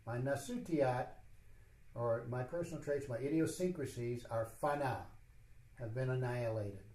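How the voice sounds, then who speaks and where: A man giving a slow, measured teaching talk at a retreat, with soft asides to his listeners. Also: medium pitch, roomy sound. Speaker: spiritual teacher. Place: retreat hall.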